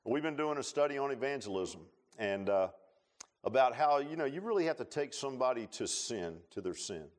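A man preaching a sermon in a church, telling stories in a folksy way and swinging between loud rises and quiet low passages. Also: animated, a little fast. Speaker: pastor. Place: church sanctuary.

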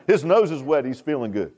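A man's voice: on the high side, a little mellow, slightly rough. A man preaching a sermon, folksy and joking, often asking the congregation questions. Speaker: pastor.

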